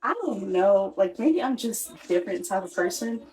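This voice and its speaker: A young woman vents about her week, frustrated and talking it through out loud. She keeps restarting her sentences and leans on "like" as she goes, all in a loose, everyday storytelling way. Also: mid-range voice, expressive, moderate pace, rough recording. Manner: exasperated, talks in restarts with lots of "like". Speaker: vlogger telling a personal story. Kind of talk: casual storytelling rant.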